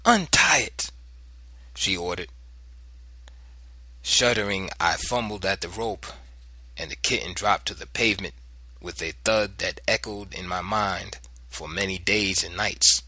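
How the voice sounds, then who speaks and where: A man reading a memoir audiobook in measured, literary narration, recorded close and dry. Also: sits low, fairly even intonation, sharp tone, no echo. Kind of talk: scripted narration.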